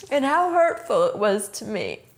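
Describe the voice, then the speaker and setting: A woman's voice: mid-range voice, sing-song, measured pace. A middle-aged woman in an interview, telling a painful personal story in a raw, blunt way, swearing often and speaking with intensity.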